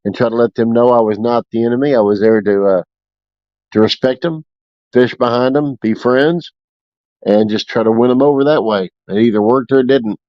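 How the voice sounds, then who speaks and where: A relaxed man chats on a fishing livestream, drifting through stories with plenty of fillers. His voice sits in a middle register. The audio is dry and slightly muffled. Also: medium pitch, normal speed, dry recording. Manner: laid-back storytelling with fillers. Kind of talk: casual livestream chat.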